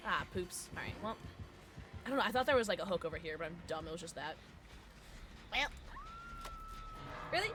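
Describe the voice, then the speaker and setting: A woman's voice: mid-range voice, lively intonation, moderate pace, pauses often. A young woman streaming a game, chatting casually and giggly with her viewers. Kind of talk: casual gaming stream chat.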